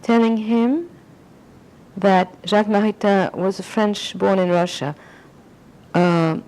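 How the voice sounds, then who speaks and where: A woman's voice: mid-range voice, steady tone, slow pace, a little mellow, rough recording. An older woman being interviewed, reminiscing in a rambling way and slipping into French phrases. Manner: rambling, anecdotal, slips into French.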